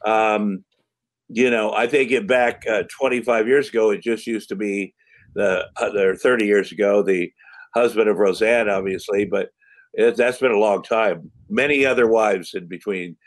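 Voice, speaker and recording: A middle-aged man, an actor and comedian, answering interview questions in a halting way with many fillers and restarts. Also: lowish voice. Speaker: podcast guest, actor and comedian.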